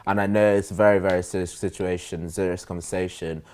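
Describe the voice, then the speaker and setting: A man's voice: low-pitched, flat delivery, quick pace, a little mellow. A man hosting a podcast, easygoing and agreeable, with plenty of "yeah" and "um". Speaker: podcast host. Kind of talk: casual chat.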